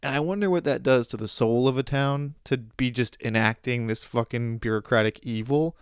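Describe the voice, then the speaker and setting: A man's voice: medium pitch, normal speed, smooth, no echo, clean studio sound. A male podcast host, sardonic and profane, questioning his guest. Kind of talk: casual interview talk.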